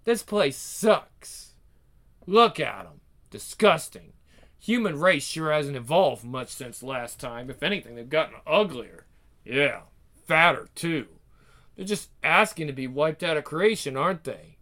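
A man's voice: fairly high pitch, lively intonation, unhurried, sharp tone. A man voicing a contemptuous male demon who sneers at humankind, in a one-man script reading. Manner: scornful, gloating.

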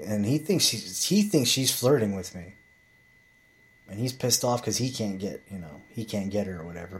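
A man telling a rambling bar story in a blunt, profane, casual way, with frequent restarts. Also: fairly low pitch.

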